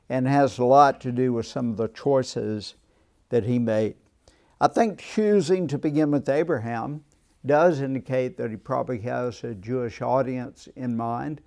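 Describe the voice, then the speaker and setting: A man teaching an evening Bible class, speaking in a thoughtful, unhurried way with frequent restarts and pauses. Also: medium pitch, creaky, darkish tone. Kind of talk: Bible class lecture with discussion.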